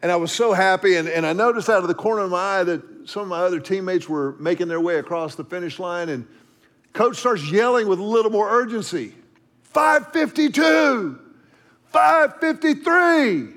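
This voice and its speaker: A middle-aged man with a high-pitched voice tells a personal story as part of a devotional talk. He paints the scene vividly and drops to a near hush for his asides. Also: fast talker. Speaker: speaker.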